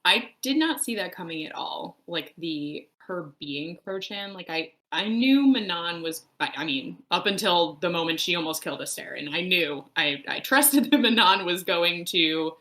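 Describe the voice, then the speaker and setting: A woman with a bright, slightly low voice co-hosts a book club podcast. She talks casually and frankly, with an animated edge and the odd swear word. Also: normal speed, hardly any pauses, low-quality recording. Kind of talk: casual chat.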